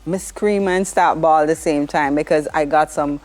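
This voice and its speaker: Low-voiced Jamaican woman, lively storyteller. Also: normal speed. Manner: animated, laughing, lively storyteller. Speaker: honored singer, guest. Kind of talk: casual talk-show chat.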